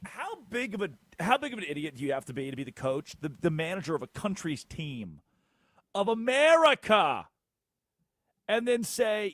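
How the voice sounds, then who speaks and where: A man's voice: high-pitched, moderate pace, no room sound, studio quality. A young man hosting a sports talk show, joking and mimicking people as he goes. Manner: animated, joking, mimics people with put-on voices. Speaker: sports radio host.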